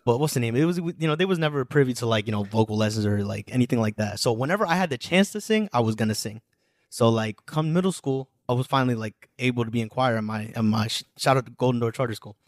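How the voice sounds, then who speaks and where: In a studio-quality recording with no echo, a New Jersey man in his twenties talks fast with lively intonation and a medium-pitched voice. As a guest musician on a casual podcast, he tells his story in a slangy, rambling way full of filler phrases.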